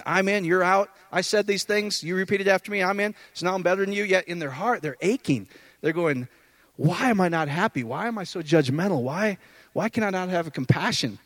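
Male preacher, casual sermon, slightly high voice, animated and conversational, dry recording. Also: no echo. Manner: conversational and animated, swinging between loud high bursts and low quiet asides; asks the audience questions often.

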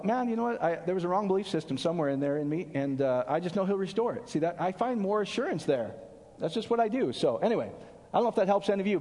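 A male pastor preaching an animated sermon, quizzing his audience and answering his own questions. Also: sits high. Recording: long hall reverb.

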